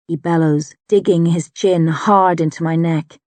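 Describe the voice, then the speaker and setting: A woman narrating a fantasy audiobook in the first person, with a measured, dramatic delivery. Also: lowish voice, fairly even intonation, darkish tone, no room sound.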